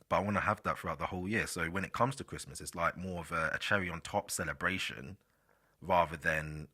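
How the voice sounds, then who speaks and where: A man's voice: low-pitched, sharp tone, slightly rough. A man hosting a solo podcast, chatting casually and rambling with fillers, speaking directly to his listeners. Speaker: podcast host.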